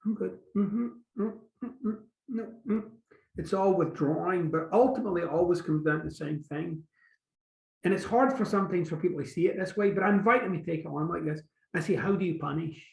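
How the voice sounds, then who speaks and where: A Scottish man with a fairly high, gravelly voice talks as a guest in an echoey room. He speaks casually and animatedly, slipping into short acted-out quotes. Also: quick pace. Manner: animated, acts out little quotes. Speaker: author and guest. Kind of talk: casual conversation.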